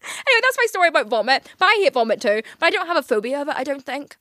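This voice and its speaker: A woman's voice: high voice, big pitch swings, very fast, pushed and bright, dry recording, studio quality. A young Northern Irish woman in her twenties hosting a casual solo podcast, chatty and oversharing, swearing often and filling every gap with "like". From Northern Ireland. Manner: chatty, swears a lot, heavy filler "like". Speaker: podcast host.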